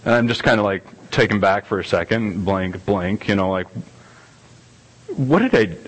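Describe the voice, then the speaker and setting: A man's voice: low voice, fairly even intonation, a little fast, a bit bright. A man preaching a conversational sermon, rambling and self-deprecating, restarting sentences and acting out what he tells his kids. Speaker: pastor. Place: church hall. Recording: long reverb of a church hall.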